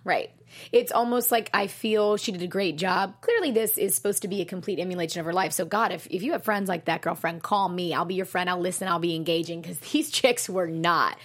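A woman co-hosting a casual chat about a TV show, emphatic and expressive, acting out quotes in a jumped-up voice. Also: on the low side, a little fast. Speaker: podcast co-host.

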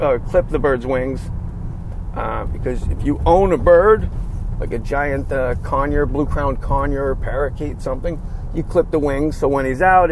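A man with a slightly high voice rattles through a casual comic story, profane and animated. He keeps breaking into laughter at his own tale. Faint traffic hums around him outdoors. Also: low-quality recording.

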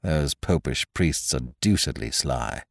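A man's voice: very deep voice, expressive, unhurried, no room sound, studio quality, pitched below the performer's own voice, exaggerated voice. A man voicing a sulky, peevish middle-aged doctor who grumbles his lines. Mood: gruff. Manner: gruff, grumbling.

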